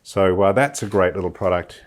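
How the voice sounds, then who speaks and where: Friendly male demonstrator, lowish voice, relaxed chat full of fillers. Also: moderate pace. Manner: chatty, enthusiastic, thinks aloud with fillers. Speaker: sewing demonstrator. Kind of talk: casual product demonstration. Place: film studio.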